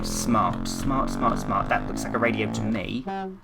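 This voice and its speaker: A young woman narrates her own game in a frantic rush, slipping into panic and laughing at her own mistakes. Her voice sits low for a woman yet swings wildly in pitch, with a bright, forceful edge. Faint game music plays behind her. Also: animated, moderate pace, vocal fry. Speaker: gameplay commentator. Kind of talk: let's play commentary.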